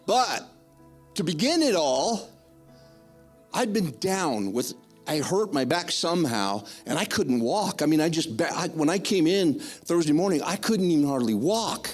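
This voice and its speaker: An older man giving a spoken testimony in church, rambling and excitable, with many restarts. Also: fairly high pitch, measured pace, faint music behind.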